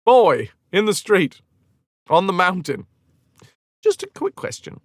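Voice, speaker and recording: A man's voice: sits high, wildly swooping pitch, takes it slowly, no echo, clean studio sound, voice pushed up, exaggerated voice. A man voicing the god Pan as an overfamiliar, needy male figure in a comic retelling of an old story. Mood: pleading. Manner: overfamiliar, pleading.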